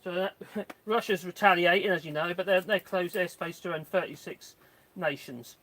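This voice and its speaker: Outdoors in his garden, kneeling in mud, a channel host live-streams casual, rambling talk with side comments to his dogs and viewers. His voice is high-pitched and fairly bright at a normal pace, recorded on a phone mounted on a tripod.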